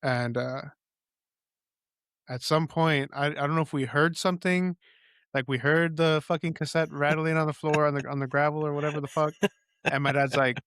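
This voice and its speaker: Guy, pretty high voice for a dude, telling a wild story and cussing a lot, dry close mic. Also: moderate pace, smooth, no room sound. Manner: animated storyteller, heavy swearing, acts out quotes. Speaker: podcast co-host. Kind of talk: casual storytelling chat.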